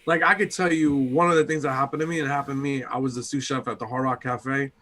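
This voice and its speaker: A man's voice: mid-range voice, steady tone, fast talker, a bit bright. A man, a chef co-hosting a podcast, telling work stories in a casual, profane way and acting out what people said. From Tampa area, United States. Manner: storytelling, swears freely, acts out quotes.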